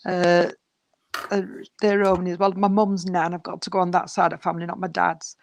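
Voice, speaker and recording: A woman's voice: fairly low pitch, level tone, normal speed, vocal fry, no echo. A woman, a medium giving a chatty psychic reading. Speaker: spiritual medium.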